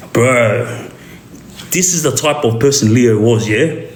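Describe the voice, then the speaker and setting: A man with an Australian accent telling a street story in a casual, animated way, often checking in with the listener. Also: medium pitch, slow. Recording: roomy echo.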